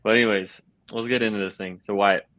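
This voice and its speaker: A man's voice: lowish voice, steady tone, fast, fairly bright tone, no room sound, dull audio. A man from Georgia, hosting a podcast with joking, hyped bro-style banter. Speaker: podcast host. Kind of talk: casual interview chat.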